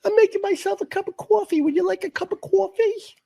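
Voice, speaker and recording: A man voicing his middle-aged mother from Long Island, shrill and sing-song, with a Long Island accent. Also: brisk, vocal fry, warm tone. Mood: chirpy.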